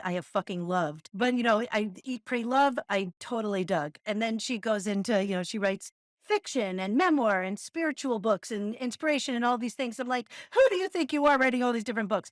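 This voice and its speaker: Lively, candid middle-aged woman storyteller. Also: on the high side, no room sound, studio quality. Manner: lively, candid, laughs often, swears casually. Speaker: podcast co-host. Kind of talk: casual conversational storytelling.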